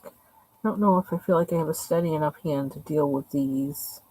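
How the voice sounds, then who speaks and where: A woman streaming live, talking quietly to herself in casual chat as she colors a drawing. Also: low voice, brisk, husky, low-quality recording. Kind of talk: casual self-talk while coloring.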